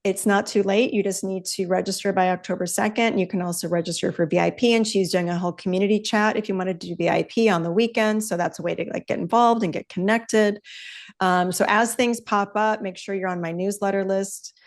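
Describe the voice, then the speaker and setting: A woman's voice: mid-range voice, fairly even intonation, a little fast. Chatty woman podcast host. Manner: chatty, upbeat, loose with profanity. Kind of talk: casual podcast chat.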